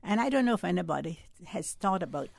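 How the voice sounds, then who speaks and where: Gravelly woman arguing a point. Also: on the low side, expressive, quick pace, darkish tone, no echo. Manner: emphatic, argumentative, rising for emphasis. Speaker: guest. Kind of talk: call-in radio discussion.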